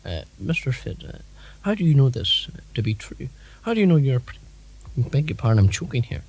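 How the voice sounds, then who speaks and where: A man's voice: mid-range voice, very animated, brisk, darkish tone, husky, low-quality recording. A man playing a pompous, blustering panelist in a comedy sketch.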